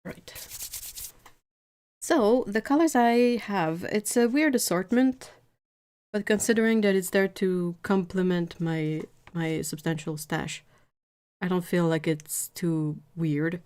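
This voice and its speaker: A woman's voice: on the low side, slow pace, darkish tone, smooth. A woman chatting casually on a live stream from her home painting desk, rambling with frequent restarts. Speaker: art streamer.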